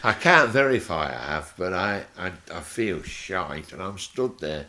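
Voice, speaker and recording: An older man, a guest telling an animated story and acting out the voices in it. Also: deep voice, measured pace. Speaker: interview guest. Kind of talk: anecdotal storytelling.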